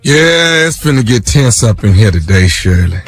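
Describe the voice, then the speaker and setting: A man's voice: on the low side, very animated, normal speed, faint music behind. Hyped man teasing on morning radio. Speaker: prank call comedian.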